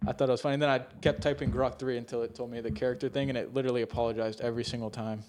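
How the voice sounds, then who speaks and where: A man's voice: mid-range voice, fairly even intonation, racing, darkish tone, slight background noise. A young man co-hosting a casual podcast chat, rambling and swearing often, with laughs slipping into his sentences. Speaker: podcast co-host.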